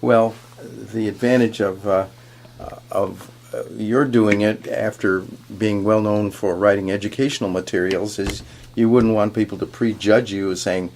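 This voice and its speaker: Slow, low-voiced hesitant man. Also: level tone, vocal fry, darkish tone, slight background noise. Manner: hesitant, many ums and uhs. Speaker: author guest. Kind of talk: casual panel chat.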